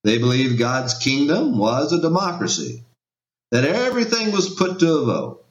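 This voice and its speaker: A pastor preaches and reads scripture in a lively, swooping voice of middle pitch. His emphatic delivery climbs and falls sharply. The recording is dull and lo-fi, in a roomy, echoing space. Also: moderate pace. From United States. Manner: emphatic preaching with wide rises and drops in pitch. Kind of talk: sermon with scripture reading. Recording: echoey room, dull lo-fi sound.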